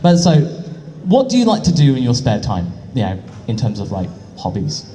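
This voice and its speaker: Man, convention panel host, rambling questions, lively pitch. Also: moderate pace. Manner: chatty, rambling questions full of filler.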